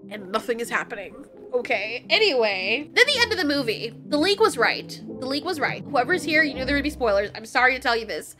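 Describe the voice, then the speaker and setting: A woman giving a casual, animated spoken film review, ranting, swearing and a bit stuffy from a cold. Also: high-pitched, fairly quick, few pauses, music in the background. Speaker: movie reviewer.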